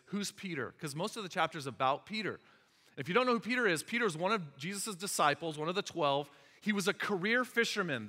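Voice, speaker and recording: Male pastor, lively preacher, bright forceful voice, long reverb from a large hall. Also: a little high. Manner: animated, asks the audience questions. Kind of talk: sermon.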